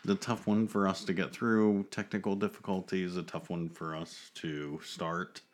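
A man's voice: deep voice, little pitch movement, normal speed. A man co-hosting a podcast in casual chat, rambling and laughing often. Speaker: podcast co-host.

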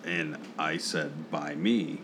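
A man's voice: very deep voice, level tone, slow pace, noisy background. A man in casual chat, rambling through stories and laughing often.

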